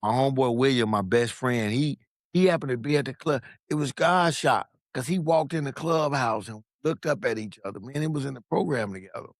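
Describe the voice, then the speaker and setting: A man from Long Beach, California, a podcast guest telling his story in a casual, animated way, acting out the voices of people he quotes and swearing freely. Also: mid-range voice, fairly quick, no echo, studio quality.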